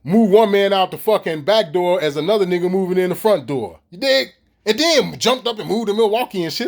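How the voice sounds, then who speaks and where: Casting: middle-aged man, high-pitched voice, profane and animated vlog rant to the audience. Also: fairly quick, gravelly. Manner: profane, animated, street slang, talks straight to viewers. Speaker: vlogger. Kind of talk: casual ranting monologue to camera.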